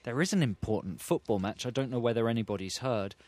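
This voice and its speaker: A man's voice: mid-range voice, quick pace, a little mellow, no echo. A man co-hosting a comedy podcast, chatting casually with teasing, dry quips and probing questions. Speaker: podcast co-host. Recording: dry close mic.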